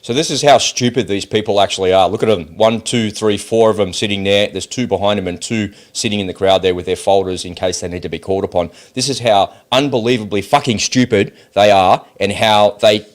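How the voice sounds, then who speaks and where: A man's voice: lowish voice, fairly quick, hardly any pauses. A man with an Australian accent giving blunt, sarcastic, profane commentary on a video clip. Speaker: political commentator.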